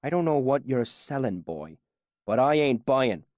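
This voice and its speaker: A man doing a gruff hostile bald riverman. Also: mid-range voice, very animated, darkish tone, no echo, studio quality. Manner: slow, threatening drawl.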